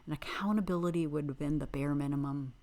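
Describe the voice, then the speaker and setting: A woman hosting a podcast, recapping a reality TV show with sassy, exasperated, animated commentary. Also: deep voice, fast. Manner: animated, dramatic emphasis. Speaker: podcast host.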